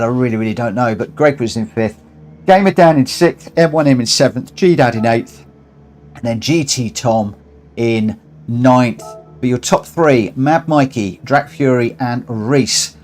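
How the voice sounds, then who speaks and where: Streaming races from home, this man has a mid-range, darkish voice. He's winded but chatty and friendly, casually talking and announcing the results.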